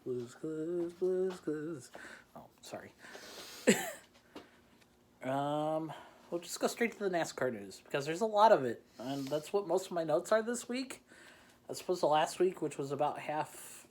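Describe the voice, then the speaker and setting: A man's voice: a little high, expressive, moderate pace, darkish tone. A man hosting a casual beer-tasting chat from home. He rambles, pokes fun at himself and laughs often. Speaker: host. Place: home in the Chicagoland area.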